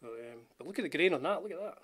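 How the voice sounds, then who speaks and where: A man's voice: a little high, animated, rapid-fire, a bit bright, slightly rough, no room sound. Rambling older Scottish man. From Scotland. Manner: rambling, chatty, self-deprecating, greets viewers in the chat. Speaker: guitar channel host. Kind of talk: casual live-stream chat. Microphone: wearing headphones with a desk mic.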